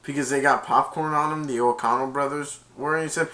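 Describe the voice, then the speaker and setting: A man casually retelling a movie's plot in a rambling, excitable way, acting out the lines. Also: a little high, fast, few pauses, slight background noise. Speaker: movie reviewer.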